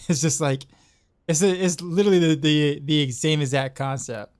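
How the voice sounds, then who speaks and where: A man's voice: a little high, steady tone, a little slow, a little mellow, smooth. A man chatting casually while streaming a game. He laughs often and repeats himself. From Southeastern United States. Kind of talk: casual chat while gaming.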